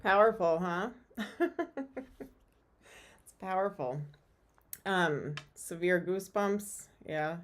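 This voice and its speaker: Woman, lower voice, casual live-stream chat, rambling, lots of fillers, tarot reader host. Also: slow, long pauses. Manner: chatty and rambling, with many fillers and frequent laughs.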